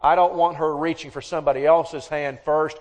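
A man's voice: on the high side, fairly even intonation, fairly quick, darkish tone. Folksy man preaching in a hall. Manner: folksy storytelling, acts out both sides of dialogues. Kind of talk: sermon on marriage. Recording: long hall reverb.

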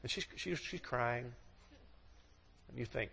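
A man's voice: medium pitch, measured pace, gravelly, bright, forceful tone, breathy edge. Man preaching in a reverberant hall. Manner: folksy storytelling, acts out quoted voices. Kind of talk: sermon.

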